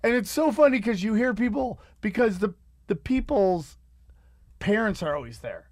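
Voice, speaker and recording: A man's voice: high-pitched, lively intonation, normal speed. A man hosting a podcast, telling profane stories in casual chat and acting out what people said. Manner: profane storytelling, acts out quotes. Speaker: podcast host.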